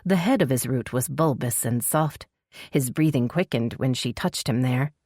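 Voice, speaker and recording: A woman narrating a romance audiobook in a measured, sensual manner. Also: rumbling low, mellow, no room sound, clean studio sound.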